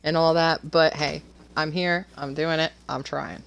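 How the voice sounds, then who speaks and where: A woman's voice: sits low, steady tone, unhurried, gravelly, noisy background. A woman author chatting casually about her story while gaming, nervous and rambling with lots of fillers and restarts. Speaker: author and co-host.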